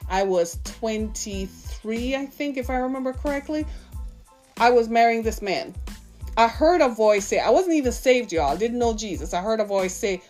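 A woman's voice: fairly high pitch, expressive, normal speed, darkish tone, soft background music. A woman in her fifties preaching a sermon, impassioned and full of rhetorical questions to her listeners. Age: 50s.

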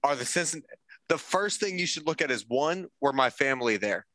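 A man's voice: mid-range voice, expressive, normal speed, pushed and bright, dry recording. A young man co-hosting a casual podcast, swearing freely and telling jokes with comic timing. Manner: profane, joking storyteller. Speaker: podcast co-host.

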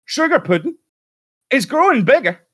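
Brief: man doing a high falsetto 1960s housewife, panicky, overplayed. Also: sing-song, moderate pace, a bit bright, exaggerated voice. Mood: alarmed. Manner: mock-dramatic, exaggerated. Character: panicky 1960s wife, shrill and fussing. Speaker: podcast co-host.

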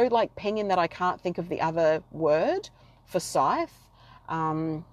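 A woman's voice: lowish voice, no room sound. A woman hosting a casual spiritual podcast, talking in a rambling, chatty way with many fillers and earnest, affirming encouragement. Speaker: astrology podcast host.

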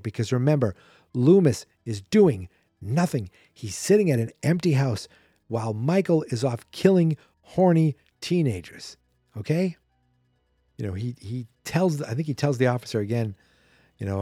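A man's voice: medium pitch, animated, normal speed, dark tone, no room sound, clean studio sound, soft background music. A man hosting a podcast, casually recapping a horror movie in a chatty, sarcastic way and acting out the characters' lines. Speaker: podcast host.

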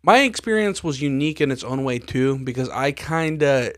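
A man's voice: medium pitch, normal speed, a bit bright, dry recording, studio quality. A young man hosting a podcast, chatting in a laid-back way, swearing freely and laughing often. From grew up in a Hispanic neighborhood in the United States. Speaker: podcast host. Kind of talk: casual podcast chat.

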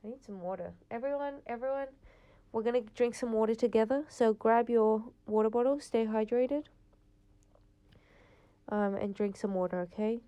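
A woman's voice: on the high side, moderate pace, dark tone, clean tone. A teenage girl, hosting her own podcast in a rambling, casual chat full of fillers. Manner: rambling, chatty, lots of "like" fillers. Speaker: podcast host. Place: home, late at night.

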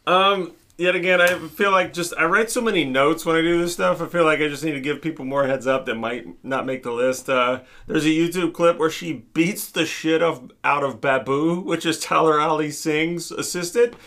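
Reactive podcast co-host, slightly high voice. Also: male voice, pushed and bright. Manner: quick reactive interjections and laughter. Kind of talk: casual podcast chat.

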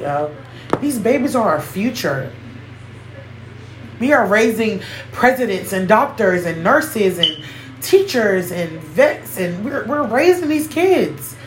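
A woman in her thirties hosting a podcast, giving an emphatic, heartfelt unscripted talk that calls out to her listeners and at times nears tears. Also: mid-range voice. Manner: emphatic, preachy, calling out to listeners; speaks slowly, near tears at times. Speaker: podcast host. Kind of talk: heartfelt spontaneous monologue. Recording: echoey room, faint background noise.

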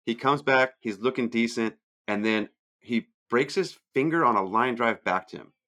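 A man's voice: medium pitch, normal speed, pushed and bright. Man, podcast co-host, blunt, dismissive, analytical, casual sports talk.

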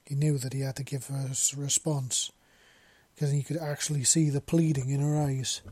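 A man's voice: mid-range voice, level tone, moderate pace, dark tone, breathy edge, dry recording. A man reading a romance story aloud, with small slips and restarts. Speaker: narrator. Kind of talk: amateur fiction reading.

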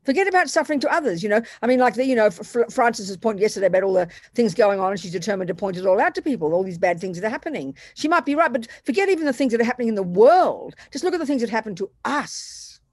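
A woman teaching Buddhist ideas in a conversational dharma talk, animated and self-deprecating, slipping into other people's voices to make her points. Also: a little high, fast talker, few pauses, no room sound, studio quality. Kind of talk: dharma talk to a retreat group.

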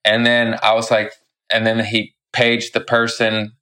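A man's voice: on the low side, completely flat delivery, unhurried, bright, forceful tone. Profane storytelling comic, a young man. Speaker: podcast guest, stand-up comic. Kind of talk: casual storytelling.

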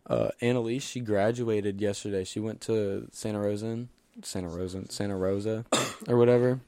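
A man's voice: fairly low pitch, steady tone, moderate pace, mellow, no room sound. A young man in casual podcast chat, rambling through party stories with lots of "dude" and "like.". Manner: rambling storyteller, full of "dude" and "like", laughs often. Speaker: podcast host.

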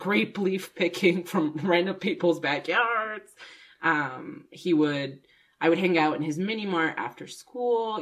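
A young woman with a low-pitched voice tells a story in a casual podcast chat. She rambles animatedly and breaks into laughter often. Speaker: podcast co-host.

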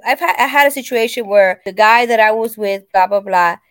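A woman's voice: on the high side, fairly quick, a bit bright, no echo. Woman cohost, dry close mic, agrees a lot then asks the others stuff. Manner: chimes in with short agreements, then poses questions. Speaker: podcast co-host. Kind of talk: casual chat.

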